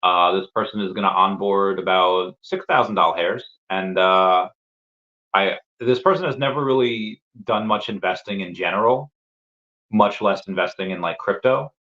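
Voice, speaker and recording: Low-voiced rambling man, lo-fi. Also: normal speed, pushed and bright. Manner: rambling, repeats words, many fillers. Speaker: crypto livestream host. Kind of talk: casual livestream chat reading comments.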